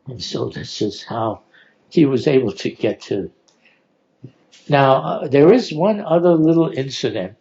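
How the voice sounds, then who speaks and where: Older man, storyteller, slow and unhurried, chuckles often, muffled lo-fi recording. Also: a little high, dark tone. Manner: unhurried, laughing often, with frequent fillers. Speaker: oral history storyteller. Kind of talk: relaxed personal storytelling.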